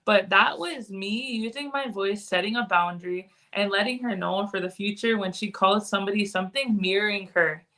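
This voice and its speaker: A woman's voice: mid-range voice, normal speed, few pauses, sharp tone. A woman speaking as a podcast guest in casual conversation, candid and frank, now and then cussing.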